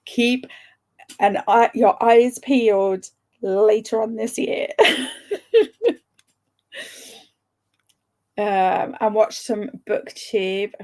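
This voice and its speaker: A woman's voice: medium pitch, dark tone. A young woman hosting a live stream, chatting casually, laughing often and answering viewer comments. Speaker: livestream host.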